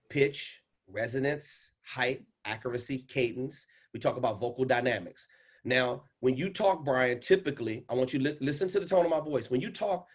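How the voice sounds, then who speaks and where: A husky-voiced man hosts a livestream coaching Q&A, talking at a mid pitch. He is animated and instructive. His volume drops to near a whisper, then builds back up. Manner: animated and instructive, swinging between loud and hushed. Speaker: speaking coach and host.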